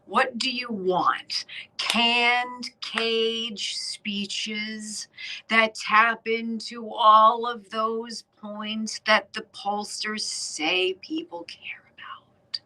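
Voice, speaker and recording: A woman's voice: on the high side, very slow, bright, forceful tone, slight background noise, rough recording. A woman hosting a talk radio show, delivering commentary in an emphatic, sarcastic way. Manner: emphatic and sarcastic, with mocking put-on quotes.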